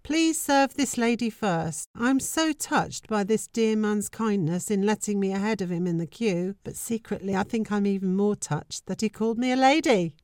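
A woman's voice: medium pitch, normal speed, hardly any pauses, a little mellow. An older woman hosting a podcast, narrating a scripted story with wry, self-mocking humour. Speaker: podcast host.

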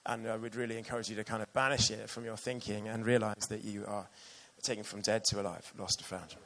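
A man's voice: lowish voice, flat delivery, fast, fairly bright tone. A man preaching a sermon earnestly and with emotion, reading passages aloud to his church.

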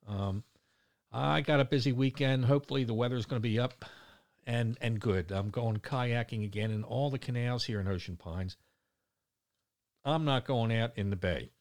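A man's voice: medium pitch, normal speed. Blunt, rambling Baltimore man in his sixties. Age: 60s. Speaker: vlogger. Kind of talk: casual monologue to camera.

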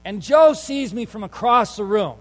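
A man preaching a sermon with a notably high voice. He tells his story conversationally, with fillers and restarts, then leans in with emphasis. His voice rings out with a long tail of reverb, as if spoken in a large sanctuary. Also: lively intonation, normal speed. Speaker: pastor.

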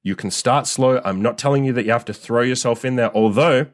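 A man's voice: mid-range voice, brisk. Profane, scolding male dating coach. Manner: blunt, profane, scolding and fired up. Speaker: dating coach, podcast host. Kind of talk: ranting motivational podcast monologue.

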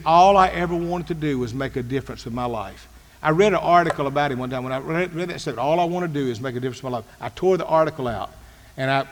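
A man gives a motivational leadership talk, emphatic and anecdotal, hammering his points with repeated phrases. His voice sits somewhat high for a man. A long reverb from a big hall follows each line. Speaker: speaker on leadership.

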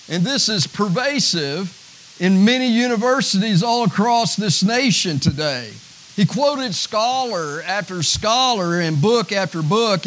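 A man preaching a sermon in a rather high voice, taking his time over every phrase. He swings from loud, ringing declarations down to hushed near-whispers. A faint hiss sits under the recording. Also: low-quality recording. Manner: preacher's rhythm, rising to shouts and dropping to near-whispers. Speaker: pastor.

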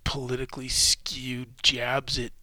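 A man hosting a solo podcast, rambling in halting, profane restarts while emotionally shaken and close to tears. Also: medium pitch, flat delivery, sharp tone, no echo. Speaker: podcast host.

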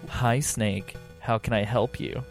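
A man's voice: mid-range voice, fairly even intonation, slow, vocal fry, faint music behind. A man voicing a paramedic in a mock-seductive tone, giving absurd advice.

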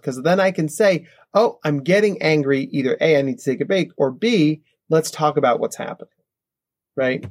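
A man in his thirties talks through ideas as an expert guest, casual and lively. His voice sits a little high for a man. He keeps checking in with "right?" and slips into quick playful voices. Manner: animated, acts out kids' voices, frequent "right?". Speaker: psychologist guest. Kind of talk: conversational expert explanation.

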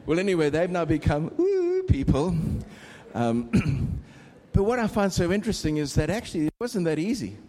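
A middle-aged man preaching a sermon with a mellow, rather high voice. He keeps it conversational and teases the congregation now and then. His voice rings out through a large, reverberant hall. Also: big pitch swings, normal speed.

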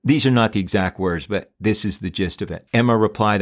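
Emphatic low-voiced male podcast host. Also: brisk, few pauses. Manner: rhetorical questioning, emphatic. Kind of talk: true crime commentary.

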